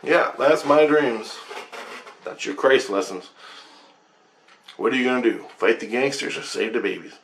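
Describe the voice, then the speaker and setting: A man's voice: medium pitch, animated, measured pace, long pauses, a bit bright, a little hiss or hum. A man telling a rambling story about his dreams, profane and agitated. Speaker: vlogger.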